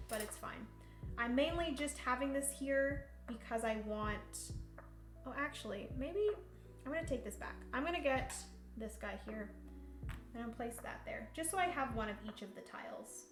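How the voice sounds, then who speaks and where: A woman's voice: a little high, animated, moderate pace, reverberant, soft background music. A woman talking through a solo board game on a live stream, thinking aloud as she counts pieces and reads rules, and chatting playfully with viewers. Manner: greets chat viewers playfully.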